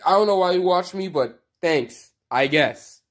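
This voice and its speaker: A man rants in a casual comedic vlog, swearing freely and mocking himself with sarcastic asides. His pitch swings widely as he plays up his frustration for laughs. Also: lively intonation, unhurried. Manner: profane, sarcastic and self-mocking; melodramatic, exaggerated frustration. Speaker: sports fan YouTuber.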